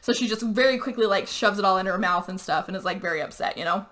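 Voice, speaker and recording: A woman hosting a podcast, casually retelling a movie plot with lots of "like" and quick quoted character voices. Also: medium pitch, a bit bright. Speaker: podcast host. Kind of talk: casual movie recap chat.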